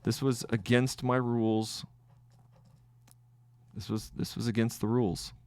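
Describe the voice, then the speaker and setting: A male trading podcaster thinks out loud over his trades as live commentary, breaking off and starting again as he counts wins and losses. His medium-pitched voice barely moves in pitch and has a darkish, clean tone in a dry recording.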